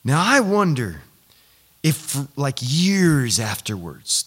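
A man preaching a sermon as pastor, animated and building to loud, emphatic peaks. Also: a little high, normal speed. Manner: repeats himself when excited.

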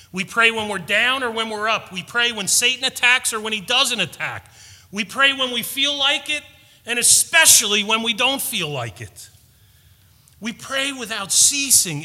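A man's voice: sits high, pushed and bright, big-room sound. A man preaching a sermon, earnest and storytelling, building to emphatic points. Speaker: pastor.

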